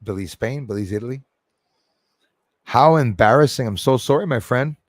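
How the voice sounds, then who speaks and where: A man's voice: medium pitch, normal speed, no room sound, clean studio sound. A man hosting a casual livestream, reading comments aloud, laughing and poking fun at himself. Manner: laughing, self-deprecating, chatty. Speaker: livestream host reading chat.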